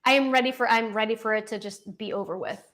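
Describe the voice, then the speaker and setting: A young woman rambles casually on a livestream from home with her dog beside her, full of fillers and restarts, swearing offhandedly and poking fun at herself. Her voice is a little high and fairly bright, with a steady tone and a fast pace, captured on a laptop mic.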